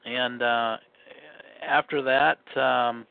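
A man's voice: mid-range voice, steady tone, very slow, gravelly, clean tone, dry recording. Brief: man, faint Minnesotan accent, rambling anecdotal storyteller, phone-line sound. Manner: rambling, self-correcting storyteller. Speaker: guest recalling his life. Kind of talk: casual conversation. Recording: phone-like narrow band.

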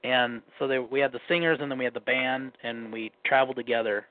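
A man's voice: mid-range voice, fairly even intonation, fast talker. A man with a faint Minnesotan accent, casually telling his life story in a rambling, self-correcting way. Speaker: guest recalling his life. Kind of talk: casual conversation. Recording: phone-like narrow band.

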